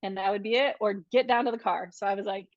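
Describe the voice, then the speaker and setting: A woman's voice: mid-range voice, fast talker, dry recording. A woman who is a podcast guest, telling a personal story in casual conversation and acting out the dialogue of the people in it. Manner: animated, acts out quoted dialogue. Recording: dull, dry podcast audio.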